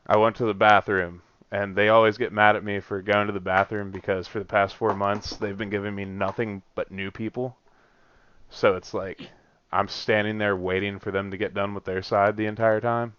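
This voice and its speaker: A man hosting a casual podcast, telling a story in an animated way with a lot of swearing and laughter. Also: on the low side, moderate pace, smooth, dry recording. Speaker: podcast host. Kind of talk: casual chat. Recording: dull lo-fi dry recording.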